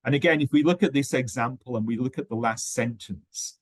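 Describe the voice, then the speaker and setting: A man's voice: medium pitch, fairly quick, dry recording. A man teaching an online lesson on pronunciation, explaining at length with frequent ums and restarts. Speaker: teacher trainer.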